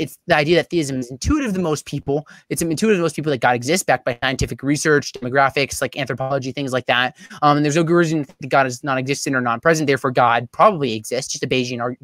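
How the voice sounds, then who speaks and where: Fast-talking young man debating. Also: medium pitch, fairly bright tone, no room sound. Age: young adult. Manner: rapid, many fillers and restarts. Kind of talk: online debate closing statement. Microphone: video call.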